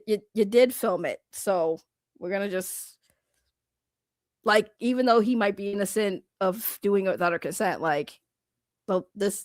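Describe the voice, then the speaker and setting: A woman giving casual reaction commentary, animated and blunt, laughing often with slangy talk. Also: medium pitch, dry recording, studio quality. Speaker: reaction streamer.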